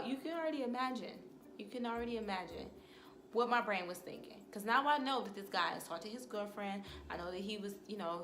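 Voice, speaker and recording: A young American woman telling a storytime vlog in a lively, animated way, often calling her viewers "y'all" and acting out both sides of her conversations. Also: medium pitch. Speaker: vlogger. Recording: roomy echo with faint background hiss.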